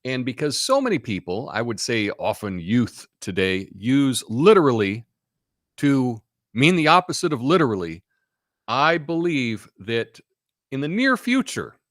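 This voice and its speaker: A man's voice: medium pitch, sing-song, unhurried, a bit bright, dry recording, clean studio sound. Offhand American man hosting a live stream. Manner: rambling, offhand, reads chat comments aloud. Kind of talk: casual live-stream chat.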